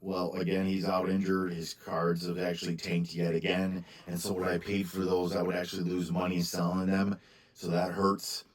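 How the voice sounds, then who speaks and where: A man's voice: low-pitched, monotone, moderate pace, rough recording. A man hosting his own channel and talking casually about collecting, rambling with frequent restarts and sounding tired. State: tired, yawning. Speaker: sports card seller and channel host. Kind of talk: casual monologue to camera.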